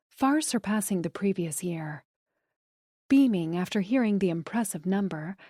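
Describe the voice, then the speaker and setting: A woman narrating an audiobook in a soft, hushed delivery. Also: mid-range voice, no echo, clean studio sound. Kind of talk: scripted narration.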